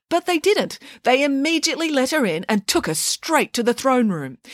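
A woman reading a children's story aloud as its storyteller, in an animated, playful way. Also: a little high, dry recording, studio quality.

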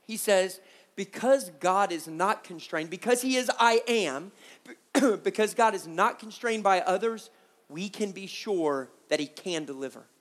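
A preacher giving a sermon at a youth camp, with joking asides to the crew and audience, slowing down to stress key words. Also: medium pitch. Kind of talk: sermon with slides.

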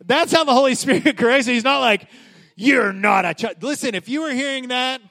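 Pastor guy in his 30s preaching, high voice, casual and emphatic, keeps restarting sentences. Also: quick pace, bright, forceful tone. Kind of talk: sermon.

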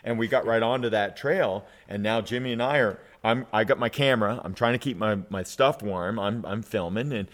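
Man, fifties, lowish voice, animated storyteller, casual chat. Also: brisk, few pauses. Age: 50s. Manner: animated storyteller, frequent restarts and "right?". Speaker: guest telling a hunting story.

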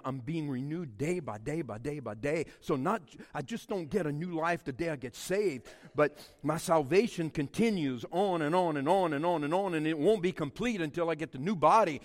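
Pastor, high lively voice ranging from hushed to shouting, long hall reverb. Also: male voice. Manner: animated, swinging from hushed to shouting. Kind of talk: sermon.

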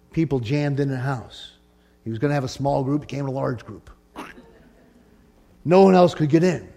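A male pastor preaching with a high, bright-edged voice that leaps across a wide pitch range. He drops to near whispers, then climbs to shouts, and voices the people in his story with playful asides. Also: vocal fry. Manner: animated preaching, swings from hushed to shouting. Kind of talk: sermon.

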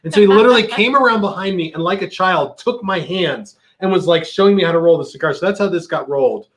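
A man hosting a casual chat show, telling stories in an animated way and acting out what people said. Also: high-pitched, quick pace. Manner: animated storyteller, acts out quotes loudly. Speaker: podcast host.

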